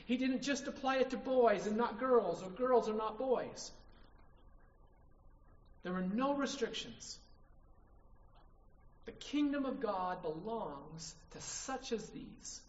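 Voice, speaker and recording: A man's voice: sits high, animated, takes it slowly, long pauses. A man preaching a sermon, emphatic, often checking in with the congregation by asking "right?". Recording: distant, echoey hall, dull sound.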